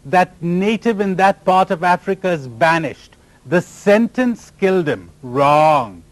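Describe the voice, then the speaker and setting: A man's voice: high-pitched, very animated, measured pace, dry recording. A man giving a spiritual talk to a live audience, teasing them with rhetorical questions and sometimes mimicking other people's voices. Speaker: spiritual teacher.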